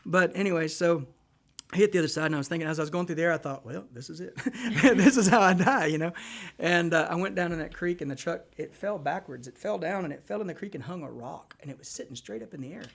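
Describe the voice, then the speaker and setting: A man from Texas, a guest musician telling a long rambling story in a casual, animated way on a radio show. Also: a little high, fast talker, gravelly.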